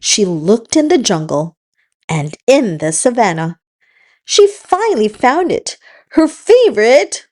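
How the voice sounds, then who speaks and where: Slow sing-song woman reading to kids. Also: a little high, very animated, a little mellow. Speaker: children's book reader and host. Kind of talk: read-aloud storytelling for kids.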